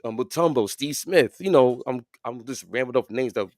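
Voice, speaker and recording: A man with a medium-pitched voice co-hosts a casual sports podcast at a moderate pace, rambling and restarting with plenty of fillers. The studio sound is clean, with no room sound.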